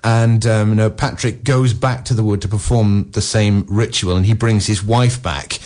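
A man with a fairly low voice reviews a film in relaxed radio chat. He wanders from point to point, dropping "you know" and "no" as he goes, and slips into characters' lines now and then. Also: normal speed. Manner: discursive, peppered with "you know" and "no"; acts out characters' lines in passing. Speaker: film critic.

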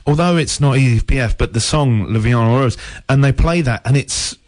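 A man's voice: mid-range voice, normal speed, darkish tone, no room sound. Chatty male radio host, dry studio sound. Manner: chatty, jokey. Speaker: radio presenter. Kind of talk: radio interview.

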